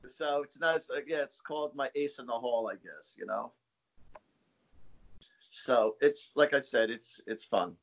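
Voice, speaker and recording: Man, psychic guest, casual storytelling, rambling, repeats himself, middle pitch, muffled lo-fi sound. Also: a little slow, creaky. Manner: rambling, repeats words, many fillers.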